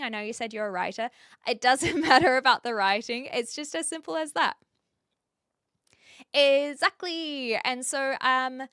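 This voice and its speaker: Woman streamer, casual chat, earnest with many restarts, bright and slightly high voice, dry close mic. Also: no room sound. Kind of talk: casual chat reading viewer comments.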